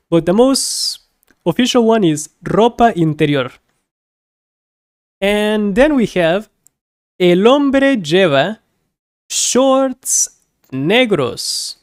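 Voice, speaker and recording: A woman teaching a beginner Spanish lesson, repeating each word slowly and carefully, with light laughs as she explains. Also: mid-range voice, darkish tone, no echo, clean studio sound. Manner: slow, careful repetition of words.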